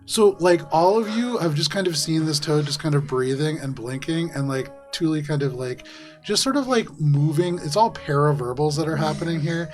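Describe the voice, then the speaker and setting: A man's voice: a little high, normal speed, soft background music. A man running a live tabletop game as dungeon master, narrating in a loose, laughing style full of fillers. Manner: lively, laughing, many fillers like "like".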